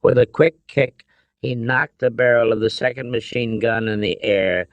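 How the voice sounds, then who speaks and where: A man narrating an audiobook in a measured, deliberate way. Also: mid-range voice, fairly even intonation, no echo, highs cut off. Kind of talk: scripted narration.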